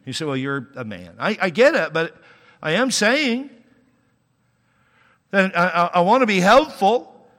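A pastor preaching in a relaxed, talky way, breaking into humor and then rising into emphatic points. His voice sits a little high and rings bright and forceful. It carries the long reverb of a large church hall. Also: measured pace, pauses often. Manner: conversational preaching with humor and sudden emphatic rises. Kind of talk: sermon.

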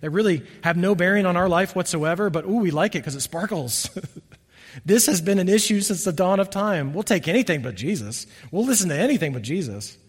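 A middle-aged man preaching a sermon earnestly, often dropping to soft, emphatic lows. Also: expressive, a little fast, breathy edge. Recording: long reverb of a church hall.

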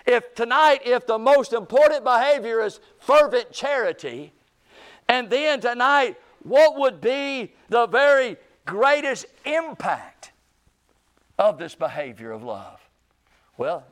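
A man preaching an evening sermon in church, swinging between loud bursts and quiet low stretches.

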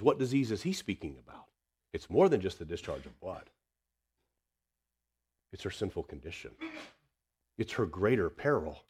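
A man preaching a sermon, swinging between loud emphasis and hushed tenderness. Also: on the low side, very animated, a little fast, pauses often, breathy edge.

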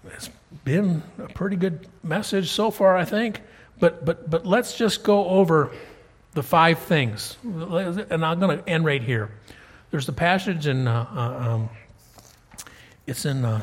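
A man preaching a sermon as pastor, animated and conversational, full of rhetorical questions. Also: a little high, slightly rough, in a large hall.

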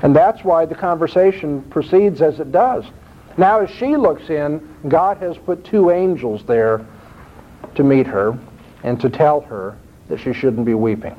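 A man preaches a sermon with a slightly high voice, his pitch lifting as he quotes scripture and drives home each point. The recording is muffled and lo-fi. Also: a little slow, slight background noise. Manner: expressive, rising emphasis when quoting scripture. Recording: dull lo-fi recording.

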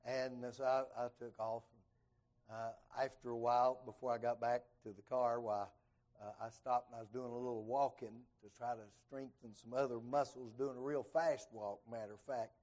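A man's voice: medium pitch, moderate pace. A man preaching an evening sermon, telling a folksy story and acting out the dialogue in it. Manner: folksy storyteller who acts out quoted dialogue with rising, lively voice.

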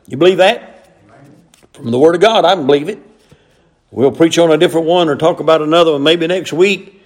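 A man's voice: fairly high pitch, moderate pace, pauses often. An older man, preaching a sermon in a folksy way with frequent amens. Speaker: pastor.

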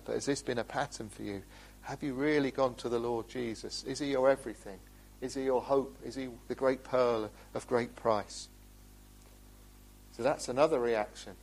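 A man preaching a sermon, earnest, his voice rising for emphasis and dropping low. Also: poor audio.

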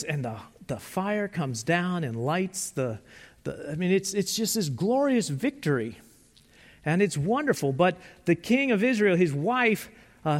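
A man preaching a sermon, retelling stories in a conversational, animated way with frequent restarts. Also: high-pitched, in a large hall. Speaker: pastor.

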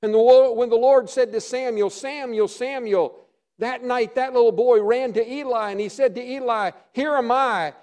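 A high-voiced man preaches a sermon from the pulpit. He tells Bible stories and voices their dialogue himself, falling to a near whisper and then climbing back up with force. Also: steady tone, brisk, few pauses. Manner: storytelling preacher acting out dialogue, swinging loud and soft. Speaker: pastor.

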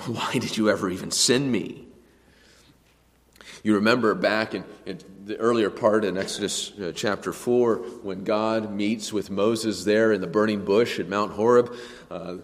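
A man preaching a sermon, emphatic, swinging between a hushed voice and a raised one. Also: on the low side, long reverb tail. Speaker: pastor.

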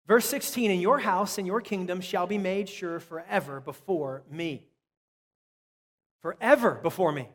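Man, pastor, sermon, high voice, emphatic with soft asides, long hall reverb. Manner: emphatic preaching, repeats key phrases, drops to soft asides.

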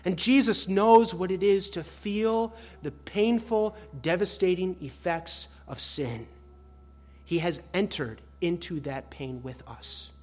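Husky-voiced preacher man, high-pitched. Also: takes it slowly. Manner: swings between loud emphatic stress and hushed soft phrases; addresses listeners as beloved. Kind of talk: expository sermon.

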